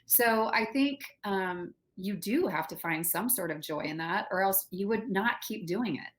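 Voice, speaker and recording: A woman's voice: medium pitch, expressive, a little slow. A woman and former college swimmer, a podcast guest, chatting casually with frequent fillers and easy laughter. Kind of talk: casual interview chat.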